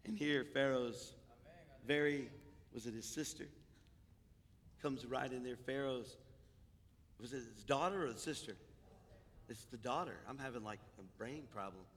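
An older man preaching a sermon as pastor, moving between quiet storytelling and loud, rising exhortation. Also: medium pitch, unhurried, pauses often. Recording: echoey hall with long reverb.

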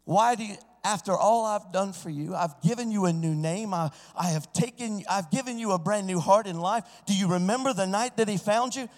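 Man preaching, high voice, sermon that swells into shouts, echoing church. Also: moderate pace, hardly any pauses. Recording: church sanctuary with long reverb.

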